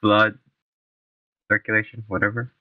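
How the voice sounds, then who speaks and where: A man's voice: on the low side, little pitch movement, normal speed, no echo. A man co-hosting a casual podcast over a call, his audio sounding tinny like an intercom. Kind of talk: casual group podcast discussion.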